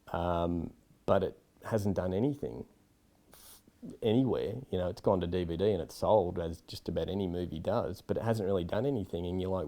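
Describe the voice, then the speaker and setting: A man's voice: deep voice, dark tone. An Australian man, a film director, giving frank, rambling interview answers with many asides. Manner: rambling, frank, lots of "you know".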